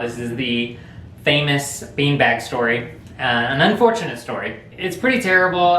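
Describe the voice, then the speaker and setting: A man tells a funny story casually, rambling and chuckling as he goes. His voice sits at a middle pitch. It sounds like an echoey room with faint background noise. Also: a bit bright. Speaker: vlog host.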